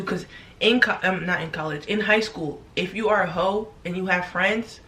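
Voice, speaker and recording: A woman's voice: on the low side, moderate pace, pushed and bright, far from the mic, a little hiss or hum. A young woman telling a story casually while eating in her bedroom, blunt and chatty, swearing freely. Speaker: vlogger.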